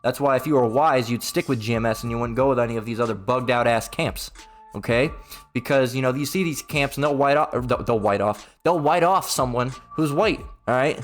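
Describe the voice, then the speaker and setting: A man's voice: mid-range voice, a little fast, faint music behind. A man delivering a casual religious rant in a blunt, profane, mocking way, often tagging his points with "all right?". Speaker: religious commentator.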